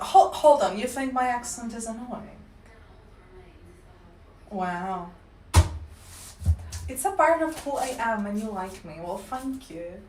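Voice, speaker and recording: Woman, Russian accent, casual streamer patter, lively pitch, roomy distant sound. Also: slight background noise. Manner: teasing, self-mocking, laughs often. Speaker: livestreamer. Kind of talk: casual livestream chat.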